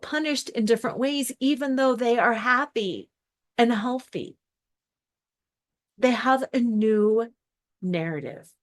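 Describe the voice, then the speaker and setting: A woman hosting a podcast as a recovery coach, talking in a casual monologue with lively acted-out reactions and long spoken lists. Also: on the high side. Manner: animated, acts out quoted reactions, lists in runs.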